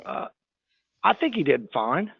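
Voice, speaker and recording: Male trainee, high animated voice, hesitant, tinny phone line. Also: measured pace, creaky, husky, no echo. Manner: hesitant, with "uh" fillers. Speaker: sales trainee. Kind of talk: role-play phone practice.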